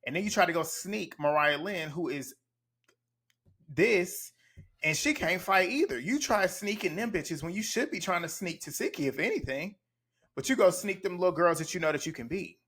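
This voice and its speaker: A man's voice: high voice, expressive, moderate pace, fairly bright tone, husky. A man giving blunt, profane play-by-play commentary as he recaps a reality TV show. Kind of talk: casual reaction commentary.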